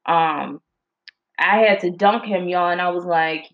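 A young woman telling a story to her viewers, chatty and animated, with slang and lots of fillers. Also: lowish voice, a little slow. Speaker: mom vlogger. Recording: slightly dull lo-fi audio.

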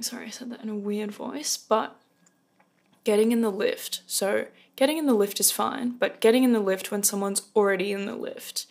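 A young woman talks straight into a close podcast mic, rambling through a story with lots of fillers and restarts. Her mid-pitched voice carries a gravelly fry, and she pokes fun at herself as she goes. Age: young adult. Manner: rambling, self-deprecating, many fillers. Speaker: podcast host. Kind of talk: casual rant podcast.

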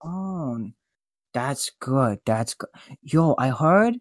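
A man hosting a comedy podcast, goofy and flustered, his voice jumping up high when he panics. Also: lively intonation, very slow, no room sound, clean studio sound. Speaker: podcast host. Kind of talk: comedic casual chat.

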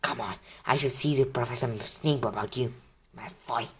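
A man's voice: medium pitch, moderate pace, breathy edge. A man voicing a stern older woman professor in a storybook reading, sharply scolding.

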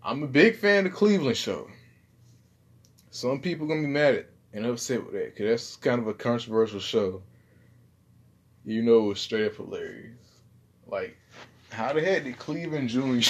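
A young man, rambling casually and profanely in a low-key, self-deprecating way. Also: animated, moderate pace, long pauses. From Southern United States. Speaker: vlogger.

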